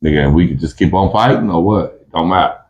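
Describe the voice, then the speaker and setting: A man's voice: low voice, quick pace, a little mellow, dull audio. A man telling prison stories in casual talk, full of street slang and restarts, who acts out both sides of a fight in a raised voice. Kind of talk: casual storytelling.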